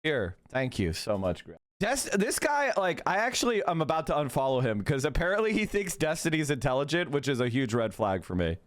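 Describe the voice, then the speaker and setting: A man's voice: a little high, very animated, fairly quick, hardly any pauses. A man hosting a casual livestream, reacting to clips with profane, heated, mocking rants. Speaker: streamer host.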